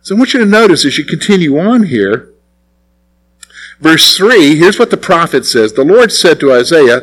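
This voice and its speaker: A man's voice: on the high side, sing-song, normal speed, a bit bright, low-quality recording. A male pastor preaching a conversational sermon, often asking the congregation questions.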